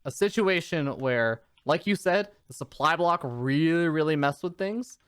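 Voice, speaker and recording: Esports caster, mid-pitched voice, animated delivery, hedging analysis, soft music behind. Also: a little slow, clear, resonant tone, dry recording. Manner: lively, animated play-by-play with hedged analysis. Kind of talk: live play-by-play commentary.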